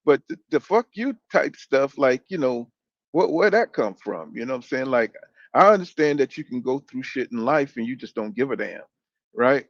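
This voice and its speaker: A man's voice: mid-range voice, lively intonation, normal speed, no echo, muffled recording. A man giving a casual, profane opinion rant about boxing, rambling and repeating filler phrases as he talks. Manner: rambling, profane, keeps saying "you know what I'm saying". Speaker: boxing commentator.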